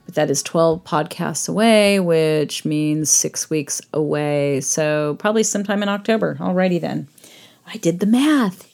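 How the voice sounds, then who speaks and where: A woman's voice: fairly low pitch, vocal fry, a little mellow. A middle-aged woman hosting her own podcast, talking bluntly and casually, swearing freely and laughing at herself. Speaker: podcast host. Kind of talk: solo podcast monologue.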